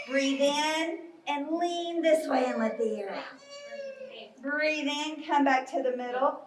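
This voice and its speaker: A woman guides children through yoga poses in a bright, coaxing voice that sits high and moves at an unhurried pace. She is recorded from a distance in an echoey library room. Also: animated, background noise. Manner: cheerful, coaxing instructions. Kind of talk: live kids' yoga story class.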